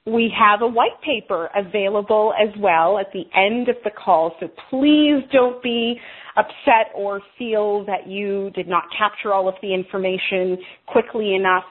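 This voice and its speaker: A woman guest on a radio show, briskly and reassuringly pitching her webinar in a husky voice. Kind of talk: interview answers, sales pitch. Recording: tinny phone line.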